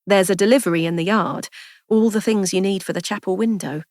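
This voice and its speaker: A woman reading a story, voicing a kind, impulsive young woman who speaks in a lively, affectionate way. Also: medium pitch, a little fast, no room sound, studio quality, close to an everyday voice. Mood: warm.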